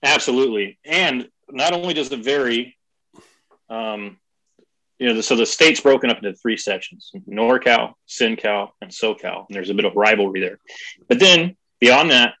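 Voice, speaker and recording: A husky man talks in a loose, animated podcast-chat way. He swears freely and slips into mocking voices for effect. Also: mid-range voice, normal speed, low-quality recording. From California. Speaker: guest podcaster.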